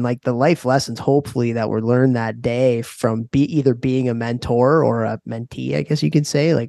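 A man in his thirties co-hosting a podcast, chatty and quick to laugh in casual talk. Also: medium pitch, vocal fry, darkish tone, no echo, studio quality. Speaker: podcast co-host. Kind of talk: casual chat.

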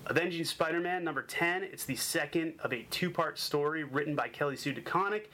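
A man from Boston hosting a comic book show, reviewing issues with energetic, joking enthusiasm. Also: a little high, a little fast, slight background noise, poor audio.

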